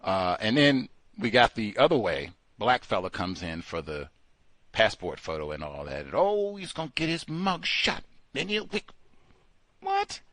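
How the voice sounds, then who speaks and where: Male call-in host, lively swooping delivery, dry close sound, animated and quick to laugh. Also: on the low side, dry recording. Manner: animated, laughing, acts out quoted people. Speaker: radio show host. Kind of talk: casual call-in commentary.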